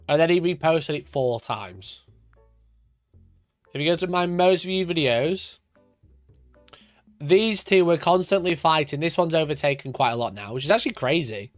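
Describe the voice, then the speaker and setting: A man's voice: on the high side, no echo. Sweary Yorkshire man ranting on stream. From Sheffield, Yorkshire, England. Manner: sweary, ranting, laughs often. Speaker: wargaming streamer. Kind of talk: casual live stream chat.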